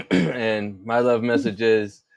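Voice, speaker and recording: A man's voice: on the low side, steady tone, slow pace, gravelly, no echo. A man in casual podcast chat, easygoing and earnest. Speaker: podcast guest.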